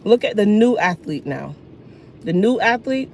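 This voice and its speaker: A woman in her thirties ranting casually while getting ready, sassy and animated, talking with food in her mouth. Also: medium pitch, a little slow, slight background noise. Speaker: hair care vlogger.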